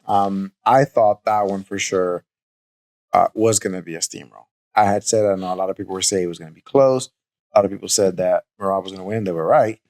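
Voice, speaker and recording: A man co-hosting a podcast, giving a candid fight recap in a measured way with frequent hesitations. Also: deep voice, a little mellow. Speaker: podcast co-host. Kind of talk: casual fight recap chat.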